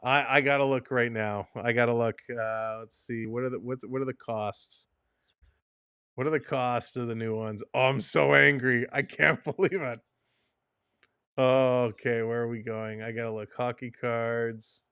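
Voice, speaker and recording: Casual male streamer, exasperated and grumbling, smooth voice, close dry mic. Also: mid-range voice, level tone, moderate pace, fairly bright tone, no echo. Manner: frustrated, exasperated, talks to himself and chat. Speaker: live stream host. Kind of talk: casual live-stream chat.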